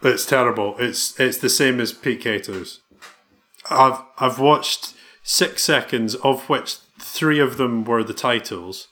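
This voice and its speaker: A man co-hosting a casual podcast chat, blunt and quick to laugh. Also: mid-range voice, fairly bright tone. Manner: blunt, laughs often, swears freely. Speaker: podcast co-host.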